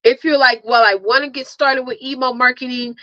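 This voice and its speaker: A woman hosting a casual livestream, lively and chatty, laughing often and calling listeners honey and girl. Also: high voice, a little fast, dry recording. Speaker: livestream host and marketing coach. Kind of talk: casual live chat. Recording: dull lo-fi, dry sound.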